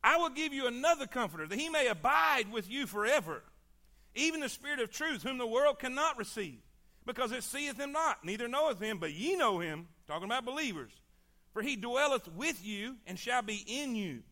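A man preaches a sermon with a very high, bright voice. He repeats his points emphatically and calls for the congregation to answer. His delivery sounds like a pastor's. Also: very animated, normal speed.

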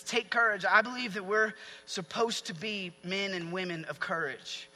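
A man preaching a sermon in an animated way, acting out voices with sudden shouts. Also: sits high, normal speed, in a large hall.

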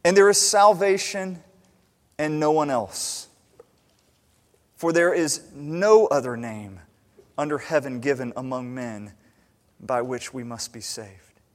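A man's voice: mid-range voice, slow pace, pauses often, big-room sound. A male pastor preaching a sermon in a conversational way, often restarting and correcting himself.

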